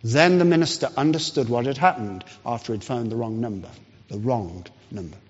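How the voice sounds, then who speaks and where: A man preaching a sermon, telling a story with pauses and restarts. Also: medium pitch, breathy edge, faint music behind. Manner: storytelling, pauses and restarts, lively rise and fall. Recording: dull lo-fi sound in long hall reverb.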